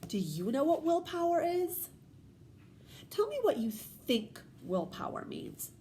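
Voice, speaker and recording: A woman teacher in her thirties, leading a children's read-aloud lesson in an animated, questioning and encouraging way. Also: sits high, slow pace, a little hiss or hum.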